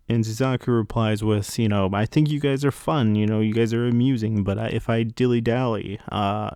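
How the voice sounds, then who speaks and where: A man's voice: on the low side, a little mellow, smooth, no echo, studio quality. A young man casually recapping a manga chapter, chatty and full of fillers, acting out the characters' lines in passing. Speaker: manga reviewer.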